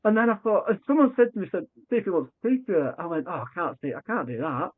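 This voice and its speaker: A man's voice: sits high, fast talker. A man telling a story as a podcast guest, acting out the voices in his dialogue and often restarting his sentences. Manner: animated, acts out quoted dialogue, frequent restarts. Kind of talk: conversational storytelling. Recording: tinny phone-like remote line.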